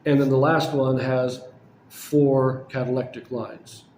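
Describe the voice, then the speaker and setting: A man's voice: mid-range voice, level tone, slow pace, darkish tone, echoey room, a little hiss or hum. A man casually explaining a poem's form and meter, with frequent fillers and self-corrections. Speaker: poetry channel host. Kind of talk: casual poetry lecture.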